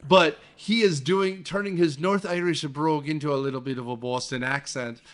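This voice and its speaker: A man hosting a casual movie-review podcast, retelling the plot with lively, swearing energy. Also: a little high, moderate pace. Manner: animated, swearing, acts out scenes. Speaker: podcast host.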